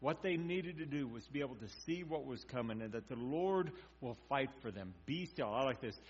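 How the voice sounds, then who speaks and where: A man preaching a sermon, talking like a conversation, acting out quotes and dropping to a quiet intensity. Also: medium pitch, animated, moderate pace, slightly rough. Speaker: pastor. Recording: dull muffled sound with mains hum.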